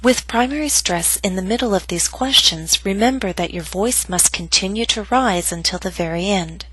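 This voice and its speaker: A woman's voice: medium pitch, moderate pace, fairly bright tone, breathy edge, low-quality recording. A woman giving a scripted pronunciation lesson, speaking patiently and articulating carefully. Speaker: pronunciation teacher. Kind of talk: scripted instructional narration.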